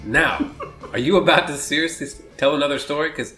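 A man hosting a casual podcast, joking and talking fast with some swearing, on rough amateur audio. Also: on the high side, bright, forceful tone, roomy sound, soft background music. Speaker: podcast host.

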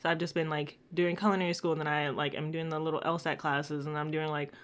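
A young woman co-hosting a casual podcast chat, animated and rambling, with lots of swearing and fillers. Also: low-pitched, quick pace.

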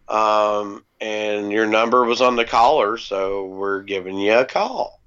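A man's voice: fairly low pitch, animated, unhurried, hardly any pauses, a bit bright, clear, resonant tone. A man casually telling a long personal story on a podcast, laid-back, with plenty of ums and freely dropped swear words. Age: adult parent. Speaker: podcast co-host. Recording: dull lo-fi podcast audio.

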